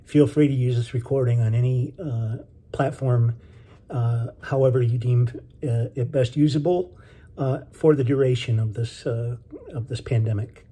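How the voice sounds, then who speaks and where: Relaxed man with a husky, mellow voice. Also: medium pitch, moderate pace. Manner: relaxed and friendly, many ums and uhs. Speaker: author reading his own book aloud. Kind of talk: casual introduction before a book reading.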